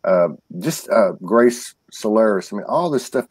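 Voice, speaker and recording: A man with a lowish voice, recorded close and dry, talks as a guest in a casual spiritual conversation. He stumbles through restarts and repeated words while telling his stories earnestly. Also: animated, moderate pace, darkish tone, slightly rough, dry recording. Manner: earnest storytelling.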